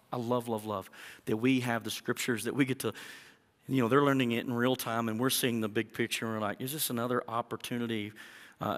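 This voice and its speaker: Male pastor, animated sermon delivery, voice ringing through a large church hall. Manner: animated, acts out prayers and dialogue with rising pitch.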